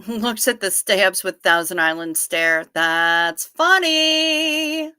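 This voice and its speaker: A sharp-toned American woman with a voice on the low side hosts a casual livestream, reading viewer comments aloud and replying bluntly and saltily, quick to tease. The studio-quality recording has no room sound.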